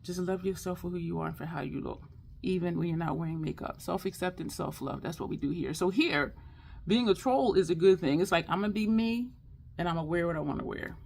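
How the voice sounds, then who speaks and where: A woman hosts her makeup channel, chatting casually and upbeat as she does her look and speaking straight to her viewers in an affirming way. Her voice is on the low side, gravelly and darkish in tone, and she talks fairly quickly.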